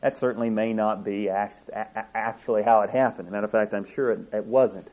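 A man preaching a Mother's Day style sermon to a congregation in an earnest, folksy way, often pausing with fillers and restarting his sentences. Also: on the low side, fairly even intonation, darkish tone, dull audio. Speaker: pastor.

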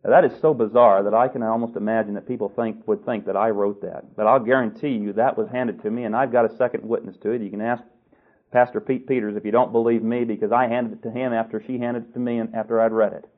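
A man's voice: fairly low pitch, fairly even intonation, fast. A male preacher reads a text aloud in a sermon and comments on it critically and emphatically. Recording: tinny phone-like line.

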